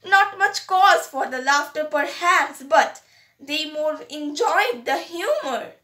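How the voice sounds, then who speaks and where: Woman, Indian English accent, audiobook story reading, very high bright voice, echoey room. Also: animated, slow. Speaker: audiobook narrator. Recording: roomy echo.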